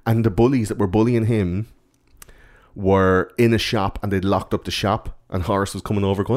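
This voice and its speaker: A man chatting casually about a movie, swearing freely and acting out lines in mocking high voices. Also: fairly even intonation, fairly quick, darkish tone. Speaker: podcast co-host.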